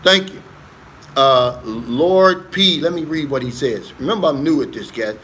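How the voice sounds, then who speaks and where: A man with a slightly higher voice hosts a laid-back livestream on his phone. He reads viewer comments and answers them earnestly, tossing in a friendly "man" every few words. A faint hiss sits behind him. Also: expressive, measured pace, a bit bright. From United States. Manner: easygoing, earnest, keeps saying "man". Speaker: livestream host. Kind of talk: casual live chat, reading viewer comments.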